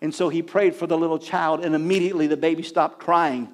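A male preacher telling a story in a sermon, building to loud emphatic peaks and often repeating "he says". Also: fairly high pitch, steady tone, a little fast. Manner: dramatic retelling, rising to loud emphatic peaks; frequent repetition of "he says".

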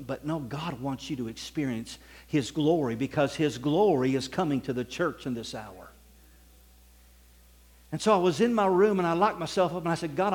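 Preacher guy, pretty high voice, tells his testimony, goes quiet then loud. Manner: storytelling, swings from hushed to loud exclaiming. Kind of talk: sermon with testimony.

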